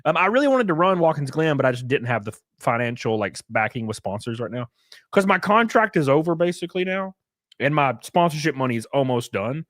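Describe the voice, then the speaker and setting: Lively young guy, high voice, profane rambling stream chat. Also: brisk, no echo, clean studio sound. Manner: animated, rambling, profane, jokey. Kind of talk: casual livestream chat.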